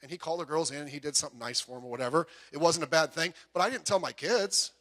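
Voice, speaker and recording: A man delivers a sermon from the pulpit of a church, speaking through the sanctuary speakers. He talks conversationally, breaking off into asides and personal anecdotes. His voice sits high and sounds bright and forward. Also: racing. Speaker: pastor. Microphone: PA microphone heard through speakers.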